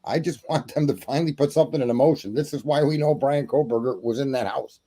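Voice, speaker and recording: A man with a warm, mellow voice argues hard as a guest on a casual true crime stream. He lectures with emphasis and pushes his point again and again. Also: medium pitch, fast. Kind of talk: casual live-stream discussion.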